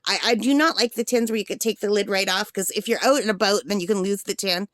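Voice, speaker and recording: A sixty-year-old woman unboxing a birthday gift on her vlog, gushing with breathless excitement. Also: mid-range voice, fast talker, dry recording, clean studio sound. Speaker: art supply vlogger.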